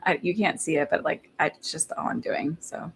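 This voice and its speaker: A woman with a low voice chats her way through a psychic reading on a live stream. She rambles, leans on lots of fillers and restarts, and laughs between thoughts. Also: fairly even intonation, normal speed, a little hiss or hum. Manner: rambling, filler-heavy chat. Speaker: psychic medium.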